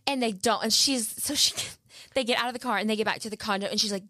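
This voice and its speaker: A young woman, co-hosting a casual podcast and telling a story in an animated way. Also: on the high side, fast, dry recording, clean studio sound. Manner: animated storyteller, acts out quotes, laughs often. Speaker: podcast co-host.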